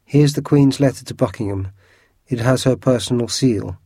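A man's voice: mid-range voice, moderate pace, warm tone, breathy edge, dry recording, studio quality. A man reading a storybook, voicing an anxious young noblewoman who brings an urgent plea. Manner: pleading, anxious.

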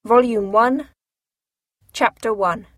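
A woman's voice: on the high side, takes it slowly, a bit bright, dry recording, studio quality. Woman narrating a classic novel. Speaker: audiobook narrator. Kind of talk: scripted audiobook narration.

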